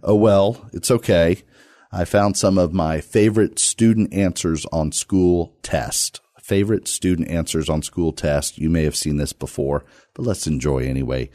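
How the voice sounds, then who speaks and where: A man hosting a radio Bible study podcast, talking casually with playful, self-deprecating jokes and sudden lively jumps. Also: deep voice, unhurried, no echo, clean studio sound. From Virginia, US.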